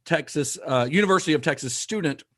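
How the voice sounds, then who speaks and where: A man hosting a podcast, recounting history in a relaxed, conversational way with some fillers. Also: fairly high pitch, quick pace. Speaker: podcast host. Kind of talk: casual chat, recounting history.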